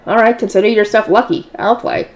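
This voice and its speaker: A woman's voice: mid-range voice, fairly even intonation, fairly quick, natural voice. A woman voicing a brash, teasing young male noble in a light novel read-aloud. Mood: playful. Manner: boisterous and teasing.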